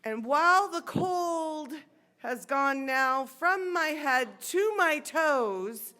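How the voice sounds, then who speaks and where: American woman, 40s, live storyteller; high, bright, slow-paced, animated delivery. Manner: animated, acts out the voices in her story. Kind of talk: live personal storytelling on stage. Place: sports bar stage.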